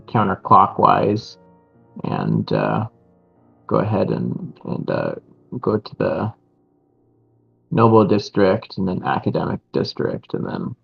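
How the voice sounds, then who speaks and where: A man player with a very deep, heavily gravelly voice, a little husky, talking hesitantly. The mic sounds dull and lo-fi, with faint music behind. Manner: hesitant, many fillers. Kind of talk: casual tabletop play.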